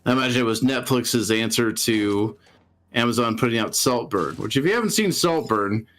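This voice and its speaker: A man's voice: medium pitch, animated, normal speed, fairly bright tone. Rambling male podcast co-host. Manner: rambling, with frequent restarts and chuckles. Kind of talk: casual chat.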